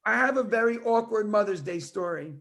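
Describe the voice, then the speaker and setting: Man, very high voice, gravelly fry, casual podcast chat, hesitant, trails off. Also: animated, brisk, fairly bright tone. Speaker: co-host.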